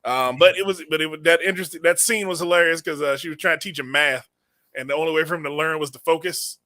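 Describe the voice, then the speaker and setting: A man's voice: on the high side, quick pace, pushed and bright, dry recording. A man in his late thirties, co-hosting a podcast, who rambles in a casual comedic chat, laughs often and repeats his words. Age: 30s. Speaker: podcast co-host.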